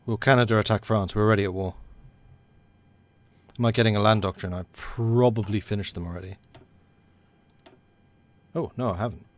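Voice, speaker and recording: A man's voice: on the low side, steady tone, moderate pace, long pauses. A man giving casual, wry commentary while playing a strategy game and chatting to his units. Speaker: let's play commentator.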